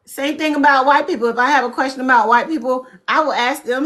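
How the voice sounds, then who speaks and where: A woman's voice: high voice, quick pace. A woman hosting a casual live talk, presenting slides and speaking bluntly and animatedly to her viewers. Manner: blunt, scolding and animated, addresses viewers as y'all.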